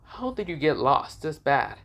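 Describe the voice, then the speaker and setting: A man voicing a brisk, impatient teenage girl who practises kendo. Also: a little high, big pitch swings, fairly bright tone, pitched above the performer's own voice.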